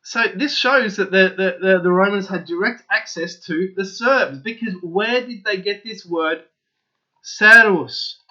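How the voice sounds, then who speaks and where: With a high pitch, normal speed and hardly any pauses, a channel host rants his opinions to viewers by himself. He is excitable and insistent and keeps coming back to the same points, and the audio sounds dull.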